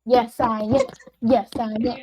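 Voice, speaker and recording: High-voiced teasing woman player. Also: flat delivery, measured pace, a little mellow, slight background noise. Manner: teasing, pushy banter. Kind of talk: casual chat at a game table.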